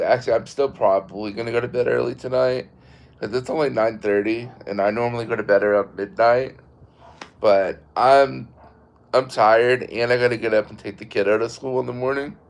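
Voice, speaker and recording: A man in his thirties chatting casually with viewers from his porch at night, relaxed and talkative. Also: mid-range voice, normal speed, gravelly. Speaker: livestream host. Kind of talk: casual chat.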